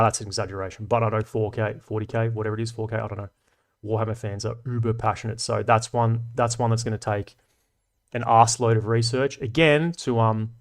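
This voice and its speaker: Speaking with an Australian accent, this thirtysomething livestream host keeps the chat casual and slangy, cursing freely. His voice sits lowish, with vocal fry.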